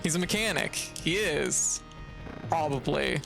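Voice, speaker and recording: A Canadian livestreamer rants about a game in a gravelly, medium-pitched voice, swearing freely and laughing often in exasperation. He speaks unhurriedly with lively intonation in casual, talkative home-stream commentary, with game music clearly audible underneath.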